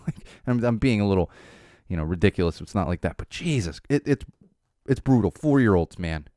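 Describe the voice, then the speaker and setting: A man in his thirties hosting a podcast, rambling casually and laughing as he talks, sometimes mimicking a child in a high voice. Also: lively intonation, moderate pace, darkish tone, no room sound, studio quality. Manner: rambling, self-interrupting, laughing. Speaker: podcast host. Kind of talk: casual chat.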